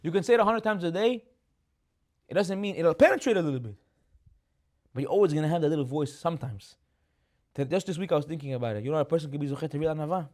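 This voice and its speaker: Young male rabbi, quick excitable sermon delivery, high-pitched. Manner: animated, laughs often, mixes Hebrew terms. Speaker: rabbi giving a Torah class. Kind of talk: lively sermon on the weekly portion.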